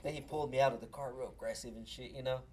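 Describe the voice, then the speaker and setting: A man's voice: mid-range voice, fairly even intonation, very fast, darkish tone, slight background noise. A man on a podcast telling a profane story in casual chat, acting out what people said. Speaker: podcast host.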